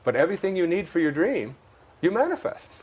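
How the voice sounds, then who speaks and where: A man's voice: sits high, very animated, fairly quick, darkish tone, breathy edge. A man with a Detroit accent, a guest in an interview, talking reflectively about spiritual ideas and often laughing through his stories. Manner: thoughtful, laughs often while telling stories.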